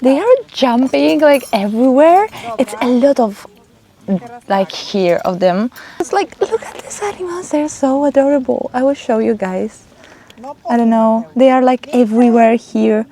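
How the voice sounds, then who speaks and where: Excited chatty young woman vlogger. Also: fairly high pitch, measured pace. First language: not English. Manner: excited and chatty, full of "like" fillers. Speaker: travel vlogger. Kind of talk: casual travel vlog chat. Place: outdoors on holiday.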